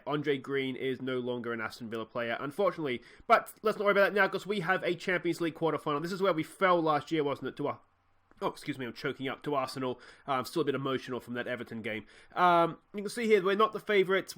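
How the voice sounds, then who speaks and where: A man's voice: a little high, fairly bright tone. A young man with an Australian accent, commentating his football management game in a rambling, frustrated way with many restarts. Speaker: let's play host.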